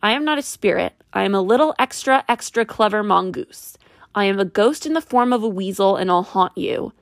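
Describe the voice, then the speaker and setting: A woman's voice: medium pitch, animated, moderate pace, creaky, dry recording, studio quality. A woman voicing a boastful, mischievous male mongoose spirit as she reads his quoted words aloud. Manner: grandiose and mischievous, read as a quote.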